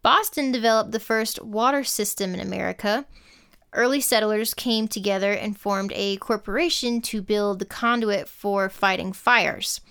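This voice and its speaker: A woman's voice: mid-range voice, moderate pace, a bit bright, clear, resonant tone. A woman co-hosting a casual history podcast, reading out prepared facts and then cracking dry jokes. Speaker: podcast co-host.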